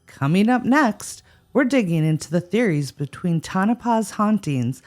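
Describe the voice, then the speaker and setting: A woman's voice: medium pitch, expressive, unhurried, darkish tone. A woman co-hosting a paranormal podcast, reacting with wry, sarcastic humor. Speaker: podcast co-host. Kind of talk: scripted paranormal podcast chat.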